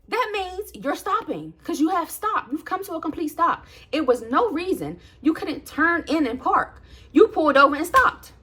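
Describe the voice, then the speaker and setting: A woman vlogger spins a casual, exasperated rant while she preps food, acting out her own lines as she goes. Her voice sits high and bright, and her pitch swoops up and down with the drama of the telling. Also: moderate pace. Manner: animated, exasperated retelling with acted-out quotes; talks while prepping food.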